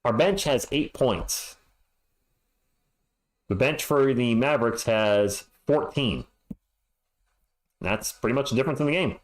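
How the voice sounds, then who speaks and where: A man's voice: mid-range voice, measured pace, long pauses, low-quality recording. A man hosting a fan livestream, reading halftime stats and chat messages with frustrated, sarcastic commentary.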